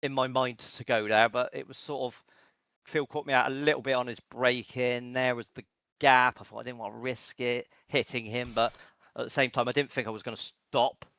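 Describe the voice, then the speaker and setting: A man's voice: mid-range voice, fairly even intonation, moderate pace, gravelly, fairly bright tone, smooth, no room sound. A man, a racing driver, giving a rambling, joking post-race interview full of teasing banter.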